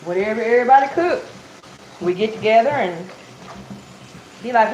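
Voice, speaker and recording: A woman preaches casually, telling a Bible story in conversation with listeners she calls "y'all," and acts out what the characters say. Her voice is a little high and a little mellow, expressive, at a moderate pace. Faint hiss runs through a muffled, roomy recording.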